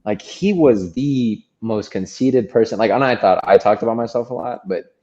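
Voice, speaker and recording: Man co-host, casual chat, relaxed, hesitant, dull recording. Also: lowish voice, moderate pace. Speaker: podcast co-host. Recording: muffled lo-fi sound.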